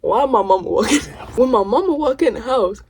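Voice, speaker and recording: A young woman telling a story to the camera, animated and rambling, full of slang. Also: a little high, fairly quick, slight background noise. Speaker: vlogger. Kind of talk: casual storytime.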